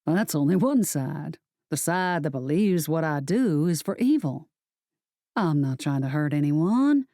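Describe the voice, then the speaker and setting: Smug, slow-talking sorcerer villain voiced by a woman. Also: animated, dark tone, dry recording, clean studio sound. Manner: slow, low and mocking.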